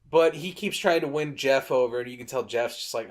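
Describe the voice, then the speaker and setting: A man co-hosting a casual movie-review podcast, telling scenes in lively detail and swearing freely. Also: on the high side, fast, hardly any pauses. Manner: animated storyteller, swears freely. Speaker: podcast co-host.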